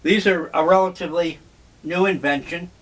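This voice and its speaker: An older man vlogging, telling memories in a slow, wry, meandering way. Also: high voice, steady tone, fairly bright tone. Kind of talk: casual reminiscing monologue.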